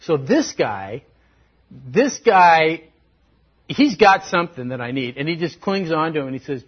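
A man's voice: a little high, big pitch swings, measured pace, muffled recording. A man preaching a sermon in a conversational way, building to emphatic questions. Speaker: pastor.

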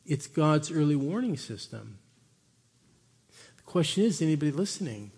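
Man, pastor giving a sermon; slightly raised pitch, big reverberant hall, lively storyteller who drops to a hush. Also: normal speed, slightly rough. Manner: animated storytelling, shifting between loud and hushed.

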